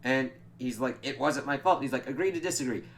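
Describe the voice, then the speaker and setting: A TV reviewer recaps an episode a little fast in a mid-range male voice, keeping it casual and profane. He quotes lines by acting them out, stumbles now and then, and laughs at his own mistakes.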